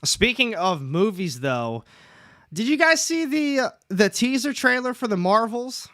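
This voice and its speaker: A man's voice: extremely high pitch, sing-song, unhurried, sharp tone, dry recording, clean studio sound. A young man hosting a casual comics livestream, chatting, reading out the chat and joking at his own expense. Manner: chatty, reads chat aloud, jokes at himself.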